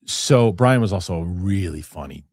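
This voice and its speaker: Deep-voiced guy hosting a chat show, rambling and animated, dry close sound. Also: normal speed, no echo. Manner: animated storyteller, many restarts and fillers. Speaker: show host. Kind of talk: casual chat.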